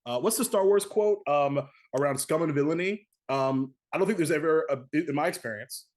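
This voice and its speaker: A man's voice: a little high, a little fast, darkish tone. A man moderating a casual panel discussion, talking animatedly with lots of fillers and restarts.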